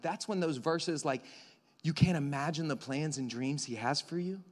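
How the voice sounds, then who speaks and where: A young man in his twenties preaching a sermon as pastor in a church, animated, swinging between loud excited bursts and quiet intimate passages. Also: fairly high pitch, moderate pace. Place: church sanctuary. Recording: long hall reverb.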